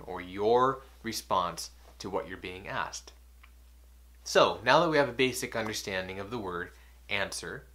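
A man hosting a daily devotional, teaching earnestly and repeating key questions for emphasis, slowing and softening on key points. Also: deep voice.

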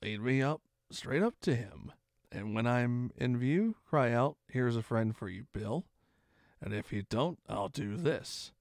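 A man's voice: mid-range voice, animated, measured pace, vocal fry, no echo, studio quality, pitched below the performer's own voice. A man voicing a cruel, cold blind old pirate beggar who sneers and threatens, in a storybook reading. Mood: commanding.

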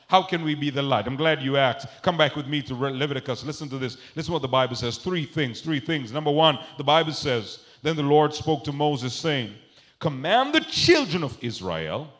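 A man preaching a sermon as pastor to his congregation. He calls out to them for responses, and his delivery swings between soft asides and shouted emphasis. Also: fairly high pitch.

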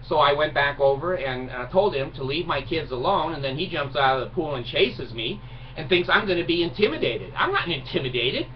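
Middle-aged vlogger, animated mocking rant, recorded far off with faint hiss. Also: male voice, fairly high pitch, fairly quick. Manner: mocking, indignant, laughs at own jokes. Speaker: video blogger. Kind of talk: ranting monologue. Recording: distant mic, dull lo-fi sound, faint noise.

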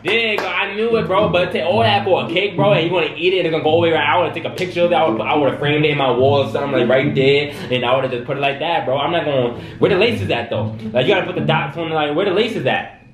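A man casually reacting to videos for his viewers, excitable and slangy, often drawn-out in his amazement. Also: fairly high pitch. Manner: excitable, slangy, talks to viewers, lots of "bro" and "wow". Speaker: YouTube reaction host. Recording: echoey room with music behind.

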